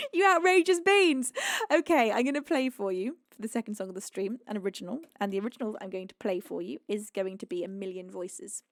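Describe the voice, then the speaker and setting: Brief: British woman streamer, higher voice, effusive chat to her fans, dry close sound. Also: no room sound. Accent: British English. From United Kingdom. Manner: gushing, effusive thanks with frequent laughs. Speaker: streaming singer-songwriter host. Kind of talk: livestream chat to viewers between songs.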